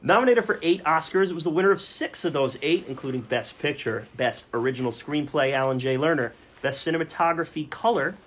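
A man's voice: on the high side, lively intonation, a little fast, hardly any pauses, fairly bright tone. A man hosting a casual podcast, reading off film facts and joking with his co-hosts. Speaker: podcast host.

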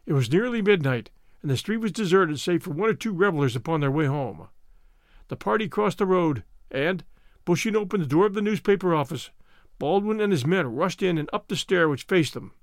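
A man narrating a story aloud as host, measured and steady in his delivery. His pitch moves lively and sits a bit higher than most men, recorded close and dry. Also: dry recording. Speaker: host and reader. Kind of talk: audiobook narration.

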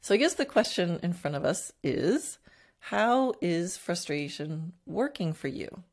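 A woman with a slightly low voice, talking as a horse trainer to her students. She reflects as she goes, and her talk has soft laughs and restarts. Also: very animated, a little slow. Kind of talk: teaching talk.

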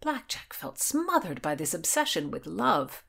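A woman narrating an audiobook in a measured, expressive way. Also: on the low side, creaky.

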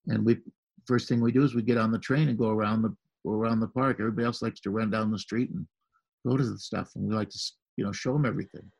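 A man's voice: on the low side, steady tone, quick pace, gravelly, husky, poor audio. An older man, a podcast guest, telling a long story in easy conversation and acting out the people he quotes.

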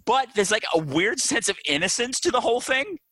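A man co-hosting a casual movie review chat, animated, campy and joking. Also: very high voice, fairly quick, dry recording. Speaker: podcast co-host.

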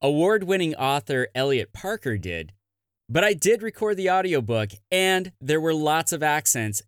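A man's voice: mid-range voice, clean tone, no echo, clean studio sound. A man hosting a comedy podcast, chatting casually and plugging things in an upbeat, self-deprecating way. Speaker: podcast host. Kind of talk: casual podcast chat and promo.

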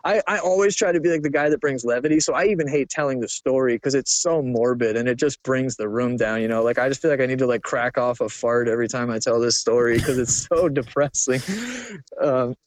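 A man's voice: mid-range voice, steady tone, brisk, no echo. Young man, interview guest: loose, profane, filler-heavy storytelling, dry close sound. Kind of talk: candid personal storytelling.

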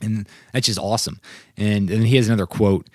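A man's voice: on the low side, fairly even intonation, fairly quick, no room sound, studio quality. A young man hosting a solo podcast, talking earnestly and often checking in with "right?" and "like". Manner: earnest, keeps asking "right?" and "like". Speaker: podcast host.

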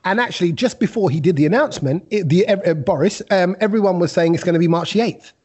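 A man hosting a casual podcast chat, telling animated stories and putting on voices. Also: sits high, fast, husky. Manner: animated storyteller, puts on voices in anecdotes. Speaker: podcast host.

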